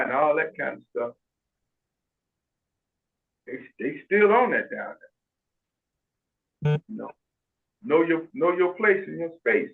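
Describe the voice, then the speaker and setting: Animated man on a tinny video call. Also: on the high side, a little slow, gravelly, pauses often. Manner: animated, acts out quoted voices, frequent restarts. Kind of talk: casual storytelling in a video call.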